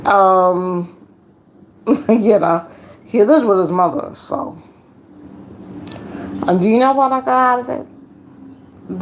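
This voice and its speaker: A woman losing her voice, livestreaming a casual personal talk in a slow, confiding way with preachy asides. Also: medium pitch, a little hiss or hum. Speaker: livestream host.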